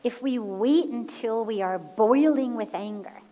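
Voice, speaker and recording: Woman teacher talking real slow and calm at a satsang, walks you through breathing. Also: on the high side, low-quality recording. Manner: calm, measured, guides breathing aloud. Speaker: spiritual teacher answering questions. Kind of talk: slow, gentle satsang talk. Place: satsang hall.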